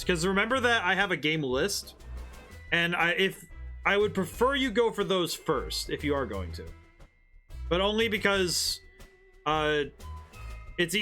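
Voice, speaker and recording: A man's voice: a little high, sharp tone. A man streaming a game, chatting loosely with viewers and rambling through his thoughts. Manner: rambling, self-correcting, chatty asides to chat. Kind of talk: casual live-stream commentary.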